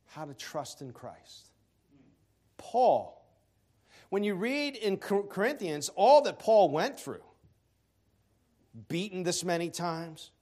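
A man preaching a sermon as pastor, swinging between loud emphasis and quiet asides, with joking remarks. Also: high voice.

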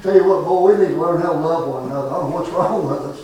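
Loud preacher in an echoey hall. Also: male voice, on the high side, muffled recording, a little hiss or hum. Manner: loud, fervent, drawn-out preaching with rising shouts. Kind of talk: funeral sermon. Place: church or funeral hall. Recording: echoey room from far off.

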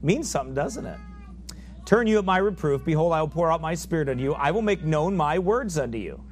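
Fervent high-voiced man preaching. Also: expressive, fairly quick, slight background noise. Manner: fervent, rising to loud emphatic peaks and dropping low; reads scripture aloud in old biblical wording. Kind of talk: sermon.

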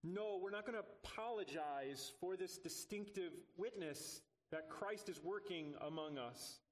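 A man's voice: sits high, a little slow. A man preaching a sermon as pastor, earnest with touches of light humor, building to emphatic rises on key phrases.

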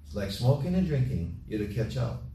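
A man delivers a sermon in a mellow, dark voice, hammering his points home by repeating them. He sounds set back from the microphone in a roomy space with faint ambience behind him. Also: medium pitch, sing-song, moderate pace, far from the mic, a little hiss or hum. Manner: repetitive, emphatic exhortation with acted-out party chatter. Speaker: preacher.

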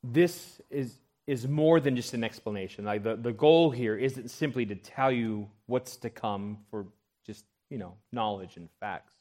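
A man's voice: mid-range voice, a little slow, darkish tone. A man preaching a sermon, reading scripture aloud and often checking in with the congregation. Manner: expository preaching, checks in with "right?"; reads scripture aloud with rising emphasis. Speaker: pastor.

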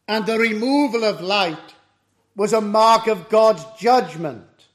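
A man preaching an expository sermon in a measured, solemn way. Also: sits high. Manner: slow, measured, solemn doctrinal delivery.

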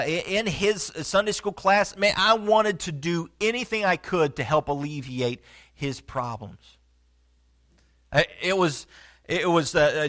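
A middle-aged pastor delivers a sermon in a fairly high voice. He speaks earnestly, with frequent halting restarts. He sinks low and soft on his key points.

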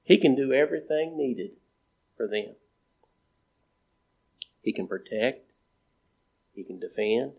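A man preaching a sermon in a slow, repetitive cadence, with emphatic rises and phrase endings that trail off quietly. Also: mid-range voice, lively intonation.

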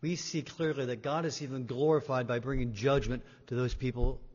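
A man's voice: mid-range voice, steady tone, fairly quick. Emphatic male preacher in a hall. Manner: emphatic, rising and falling in loudness, repeats words for weight. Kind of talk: sermon. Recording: dull sound in a reverberant hall.

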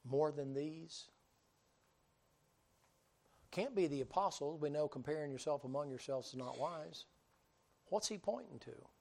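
A preacher man retells a scripture story with folksy humor, his delivery rising loud and dropping quiet. His voice is gravelly and a bit high. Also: expressive, normal speed. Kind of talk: storytelling sermon.

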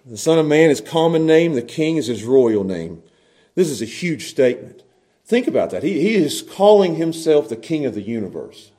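A man preaching a sermon as pastor, animated, swinging from hushed lines to loud ones and chuckling between points. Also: a little high, normal speed.

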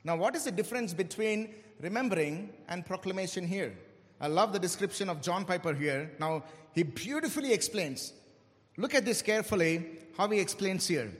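A man preaching a sermon, stressing key words and slowing down for emphasis. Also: sits high, lively intonation. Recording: long hall reverb.

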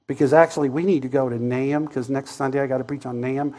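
A man preaching a Sunday sermon as pastor, telling the story dramatically and acting out the voices in it, rising loud and dropping soft. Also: mid-range voice, steady tone, quick pace, hardly any pauses. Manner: dramatic storytelling, acting out quoted voices, wide swings in loudness.

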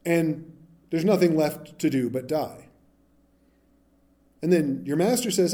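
A man's voice: a little high, expressive, moderate pace, pauses often, mellow. A man preaching a sermon in a conversational way, often asking "right?" and acting out the people of the story. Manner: conversational, asks "right?" often, acts out Bible characters. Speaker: pastor.

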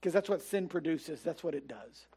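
A man preaching a sermon in a relaxed, conversational way, dropping to a soft hush on his key words. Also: a little high, moderate pace, gravelly, breathy edge. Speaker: pastor.

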